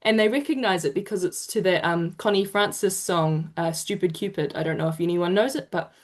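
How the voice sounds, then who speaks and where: Encouraging New woman teaching pronunciation. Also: fairly low pitch. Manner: encouraging, drawn-out demonstration sounds. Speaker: te reo Māori workshop presenter. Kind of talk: online teaching session. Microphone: video call.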